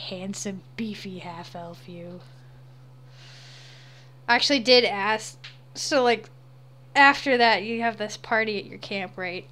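A woman's voice: mid-range voice, slow, pauses often, sharp tone, slight background noise. A woman streaming as she draws, chatting casually, laughing often and swearing freely. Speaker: livestreamer. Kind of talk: casual livestream chat while drawing.

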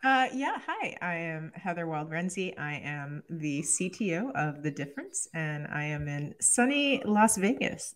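A woman speaking as a panelist on a round-table podcast over a video call, relaxed and joking. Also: deep voice, measured pace, few pauses. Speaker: panelist, tech executive.

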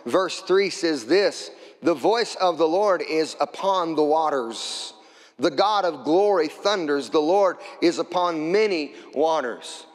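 A man preaching a sermon as pastor, quoting scripture and building to shouts at the high points. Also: long reverb tail. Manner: preaching with scripture quotes, rising to shouts at climaxes.

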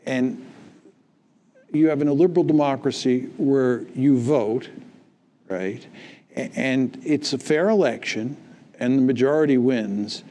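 Mellow-voiced man lecturing emphatically. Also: mid-range voice. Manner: emphatic, lecturing, tags points with "right?" and "okay?". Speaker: guest author answering questions. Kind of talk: public talk Q&A.

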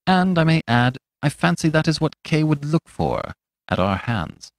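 A man's voice: a little high, sing-song, a little slow, creaky, dry recording, clean studio sound, pitched above the performer's own voice, heavily acted. A man voicing a reckless young doctor who talks in a cool, sneering, worldly way.

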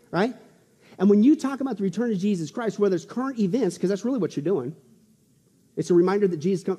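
A man preaching a sermon as pastor, emphatic, with loud exclamations and hushed asides. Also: sits high, fast, husky. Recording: long reverb in a large hall.

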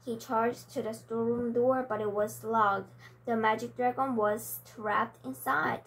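A woman's voice: on the high side, fairly even intonation, unhurried, a bit bright, slight background noise, rough recording. A woman reading a children's storybook aloud carefully, with small slips and restarts. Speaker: reader.

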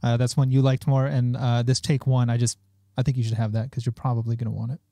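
A man's voice: medium pitch, little pitch movement, fast, dark tone, dry recording. A man hosting a live-streamed recording session, talking casually and self-deprecatingly with many fillers and restarts. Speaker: recording engineer and host. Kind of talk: casual studio chat over a live stream. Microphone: studio microphone.

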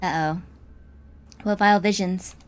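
A woman's voice: lowish voice, steady tone, a little slow. A woman commenting casually while playing a game, swearing and squealing when startled. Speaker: gaming streamer. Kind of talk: casual let's-play commentary.

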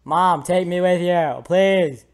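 A man's voice: on the high side, steady tone, measured pace, clear, resonant tone. A man reading the lines of a little girl pleading with her mother in a game, half-serious.

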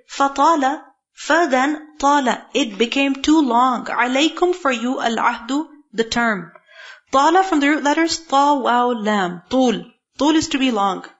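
Brief: higher-voiced female Quran teacher, explains verse by verse, asks the class questions, dull lo-fi sound. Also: fairly bright tone. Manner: explanatory, asks rhetorical questions, recites Arabic verses then translates. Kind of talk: tafseer lecture.

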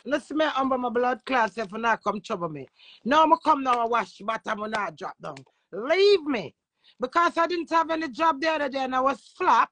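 A woman's voice: high voice, lively intonation, fairly quick, fairly bright tone, dry recording. A Jamaican woman ranting brashly and crudely on a phone live stream, defiant toward her critics. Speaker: social media personality. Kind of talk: instagram live rant.

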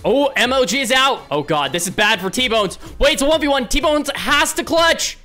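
A young man giving excitable gameplay commentary as a gaming video host, often yelling at his teammates. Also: very high voice, normal speed, soft background music. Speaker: gaming YouTuber.

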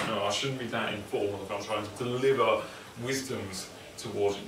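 A man's voice: on the low side, steady tone, moderate pace, far from the mic. English male vlog host, loose and joking; recorded off-mic in a roomy space with faint hiss. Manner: joking, self-deprecating, rambling. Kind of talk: rambling casual monologue. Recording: echoey room, mic some way off, faint noise.

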